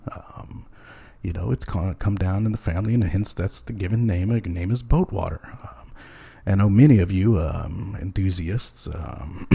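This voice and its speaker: A man hosting a loose comedy podcast, rambling deadpan with many hesitations and chuckling at his own jokes. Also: low-pitched, gravelly, slightly rough. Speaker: podcast host.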